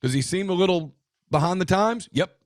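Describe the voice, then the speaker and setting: A man co-hosting a casual sports talk show, talking in an emphatic way with quick asides and restarts. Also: high voice, lively intonation, no echo, studio quality. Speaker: podcast co-host.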